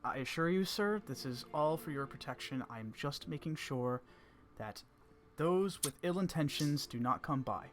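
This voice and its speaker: A man playing a calm measured commander. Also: a little high. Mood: composed. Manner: measured, polite, reserved. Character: calm composed male human commander.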